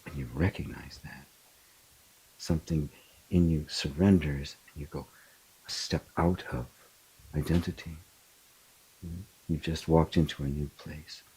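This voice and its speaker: A middle-aged man, a spiritual teacher, talking reflectively in an open forum and telling stories with animated bursts. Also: extremely low pitch, measured pace, pauses often, slightly rough, low-quality recording. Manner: reflective, animated storytelling with laughs. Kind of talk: open forum talk on self-inquiry.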